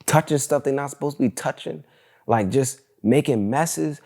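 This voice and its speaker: A man's voice: mid-range voice, moderate pace, vocal fry, a little mellow. A young man hosting a solo podcast, talking casually and candidly in slangy storytelling, with "bro" and "like" all through his speech. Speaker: podcast host.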